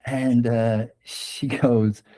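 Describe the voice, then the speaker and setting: A man's voice: mid-range voice, level tone, very slow, dark tone. A man guest on an interview podcast, telling a personal anecdote with frequent laughs and "right?" tags. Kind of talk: conversational storytelling interview.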